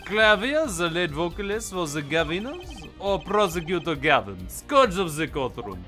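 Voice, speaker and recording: A smooth, showy rock-star prosecutor, suave and theatrical, put on by a man reading a game aloud. The voice is lifted above his usual pitch and rings bright. Faint game music sits behind it. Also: very animated, normal speed.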